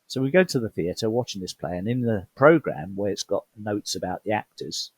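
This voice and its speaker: A middle-aged Englishman, a podcast guest, telling a personal story in lively fashion and acting out what people said. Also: lowish voice, moderate pace, breathy edge, no echo. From England. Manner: animated storyteller, acts out quoted voices. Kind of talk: storytelling conversation.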